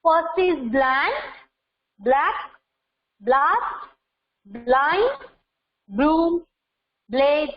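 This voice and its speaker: A woman English teacher with an Indian English accent, giving a lesson and repeating words slowly, switching into Hindi to explain. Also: sits high, lively intonation, slight background noise. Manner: repetitive, drills words, mixes Hindi into English. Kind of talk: online class lesson. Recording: dull lo-fi sound.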